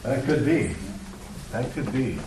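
In a roomy classroom with faint background noise, a man teaches counseling, posing questions to students and acting out quoted replies. His voice is medium-pitched, with lively intonation and a slow delivery.

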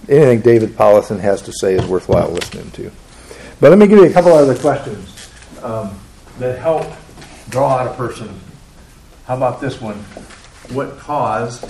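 This man's fairly low, warm voice leads a counseling class. The instructor questions his students and acts out the answers people give, in a roomy classroom where faint noise can be heard.

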